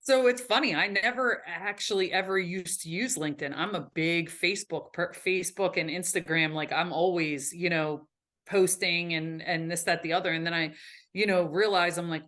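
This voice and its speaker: A woman's voice: lowish voice, normal speed, fairly bright tone. A woman guesting on a podcast in a recording studio, talking in a chatty, rambling way and laughing easily. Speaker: podcast guest, business owner. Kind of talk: casual interview chat.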